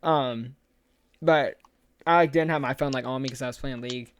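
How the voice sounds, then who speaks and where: A man's voice: mid-range voice, fairly even intonation, normal speed, clear, resonant tone. Young man telling a rambling story. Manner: rambling, laughs through his story. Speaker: podcast co-host. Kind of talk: casual podcast chat.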